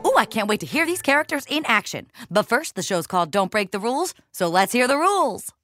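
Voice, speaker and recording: A woman's voice: on the high side, sing-song, a little fast, fairly bright tone, no echo, clean studio sound, faint music behind. Upbeat woman hosting a game show.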